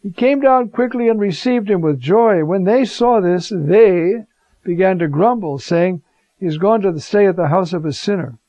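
A man's voice: high-pitched, moderate pace, no room sound. A man preaching a conversational homily, animatedly acting out the scene he tells. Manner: animated, acts out the Gospel scene in voices. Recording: dull, lo-fi recording.

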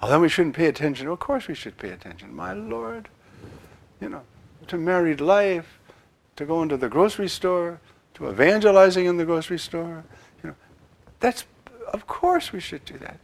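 An older man giving a sermon as a priest, in an animated, conversational way with frequent restarts and a gravelly, husky voice. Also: high-pitched, moderate pace, long pauses.

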